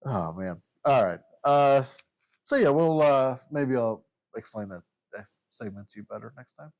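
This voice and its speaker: A young male podcast host with an average-pitched voice, talking casually about poker. He is easygoing, uses lots of fillers and trails off as he steers the show. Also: lively intonation, unhurried, a little mellow. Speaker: podcast host running segments.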